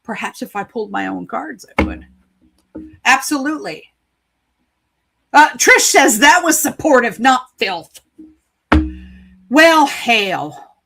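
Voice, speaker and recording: A woman's voice: fairly high pitch, expressive, slow pace, gravelly, pauses often, pushed and bright, faint music behind. A woman giving spiritual card readings on a live stream, chatty, playful and encouraging.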